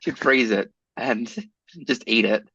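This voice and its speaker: A man's voice: medium pitch, slow, bright, forceful tone, slightly rough, lo-fi sound. A man co-hosting a podcast in casual chat, joking around, laughing often and asking questions. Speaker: podcast co-host.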